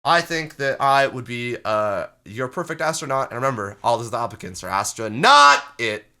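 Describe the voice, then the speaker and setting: Bright, playful young man hamming it up. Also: mid-range voice, sing-song, moderate pace. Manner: playful, hammy bragging. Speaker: host, player in an improv card game. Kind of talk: joking improv chat over a voice call.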